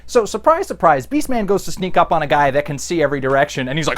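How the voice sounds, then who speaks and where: An animated comic reviewer with a lively, swooping pitch and a mid-range voice. They recap in a rambling, jokey way, full of fillers and asides. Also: quick pace, hardly any pauses.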